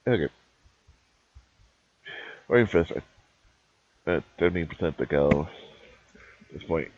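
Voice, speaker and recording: A man's voice: extremely low pitch, animated, takes it slowly, darkish tone, no room sound. A man streaming live, chatting casually and rambling through opinions while he games. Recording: dull lo-fi dry stream mic.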